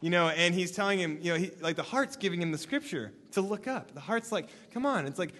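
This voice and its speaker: A young man giving a casual, animated sermon, full of fillers and restarts. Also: high voice, fast talker, long reverb tail. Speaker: preacher.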